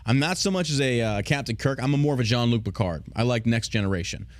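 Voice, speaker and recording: A male podcast host rants in loose, profane, sarcastic commentary. His voice sits at an ordinary middle pitch. It is recorded dry on a close studio mic. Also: fast talker, no echo. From United States. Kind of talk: casual ranting commentary.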